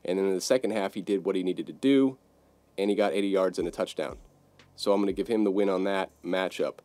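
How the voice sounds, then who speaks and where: Male sports podcast host, low-pitched, brash and profane, dry close sound. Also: fast, no room sound. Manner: swings between loud outbursts and low asides. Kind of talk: casual sports podcast rant.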